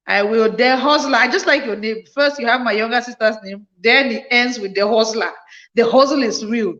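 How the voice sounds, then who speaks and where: In a muffled phone recording, a female livestream host with a fairly high, fairly bright voice talks at a moderate pace. She is tired from a night shift and keeps repeating her thanks and greetings as viewers join the casual stream.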